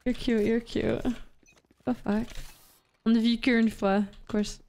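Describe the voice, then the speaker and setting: A woman's voice: a little high, level tone, unhurried, a little mellow. A woman from Canada, chatting casually on a live stream while gaming, playful, swearing, laughing and reading chat aloud. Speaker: VTuber streamer.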